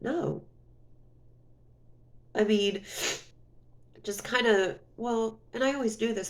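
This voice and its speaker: A woman's voice: a little high, slow, pauses often. A woman telling a personal story in a casual vlog, rambling and full of "you know", sniffly and near tears. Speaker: vlogger.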